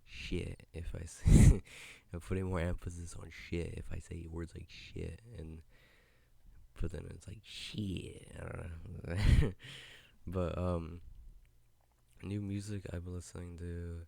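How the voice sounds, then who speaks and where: A young man hosts a casual solo podcast, rambling in a loose, laid-back way with frequent swearing. His voice is very low, gravelly and dark. He sits close to a podcast mic in a dry, dead-sounding space. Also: flat delivery, a little slow, pauses often, dry recording. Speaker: podcast host. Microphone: podcast mic with headphones.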